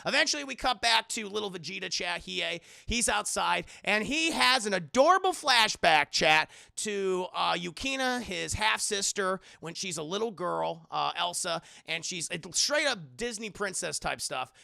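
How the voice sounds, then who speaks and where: A man recaps an anime episode for his live chat in a very gravelly, tense, bright voice. He swears freely and keeps jumping into the characters' lines. The recording is close and completely dry. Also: sits high, normal speed, hardly any pauses, no room sound. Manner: profane, animated, acts out every character. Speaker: anime reviewer.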